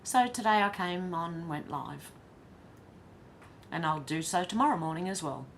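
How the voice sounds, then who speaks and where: Australian woman host, slightly low voice, chatty live-chat reading, faint hiss. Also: expressive, normal speed. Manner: chatty, reads comments aloud and reacts with laughs.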